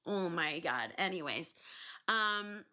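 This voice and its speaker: A young adult woman hosting a podcast, telling stories in a loose, animated way, swearing freely and filling pauses with ums and likes. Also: on the low side. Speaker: podcast host. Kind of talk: casual solo storytelling.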